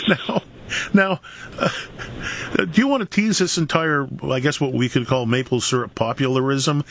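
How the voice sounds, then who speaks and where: Chuckling talk radio host. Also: male voice, medium pitch, measured pace, pauses often, a bit bright. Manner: reads questions, chuckles between them.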